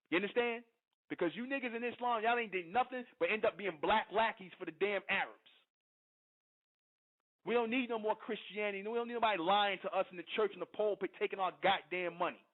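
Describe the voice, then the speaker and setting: A male radio host delivering an impassioned, confrontational monologue, profane and repetitive, constantly asking if you understand. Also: sits high. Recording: tinny phone-like line.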